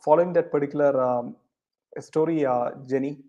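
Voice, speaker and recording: A man's voice: on the high side, fairly even intonation, normal speed, dark tone, muffled recording. A man hosting a casual live chat, reading viewer comments, full of ums and uhs and often ending points with "right?". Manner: hesitant, many ums and uhs; rhetorical, ends points with "right?".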